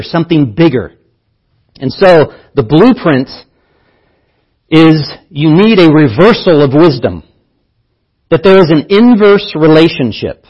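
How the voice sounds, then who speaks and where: A man's voice: on the high side, husky, highs cut off. A man preaching a sermon as pastor, teaching earnestly and repeating key phrases for emphasis.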